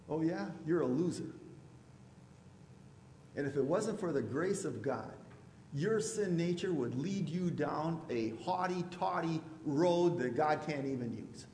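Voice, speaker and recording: A man preaching a sermon as pastor, now and then mimicking loud objectors. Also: a little high, expressive, unhurried, a little hiss or hum. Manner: preachy, rising to loud mocking voices for imagined objectors. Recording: echoey hall with long reverb.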